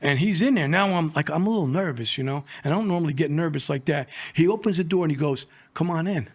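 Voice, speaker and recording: A man's voice: a little high, fast. A middle-aged man and former drug agent telling a war story in a rambling, profane, casual way, full of fillers.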